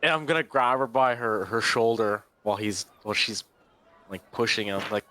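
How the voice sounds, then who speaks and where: A man roleplays his character in a tabletop game, speaking in short, hesitant lines. His voice is lowish and notably bright and forceful. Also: steady tone, moderate pace.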